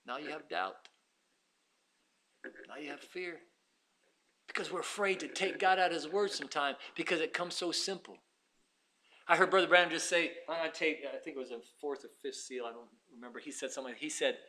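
A man preaching a sermon, dropping to quiet asides and rising to loud, impassioned passages, acting out pleading voices in dialogue. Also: a little fast. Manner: swings from low asides to loud shouted preaching.

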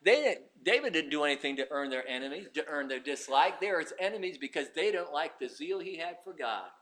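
A male pastor preaching a fervent sermon, swinging between hushed passages and shouted exhortation. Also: on the high side, lively intonation, a little fast.

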